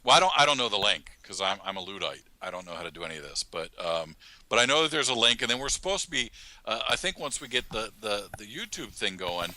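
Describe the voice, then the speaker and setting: A man who writes an audio drama, chatting on a podcast in a halting, self-mocking way and laughing often mid-sentence. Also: lowish voice, big pitch swings, pushed and bright, dry recording. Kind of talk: casual podcast chat.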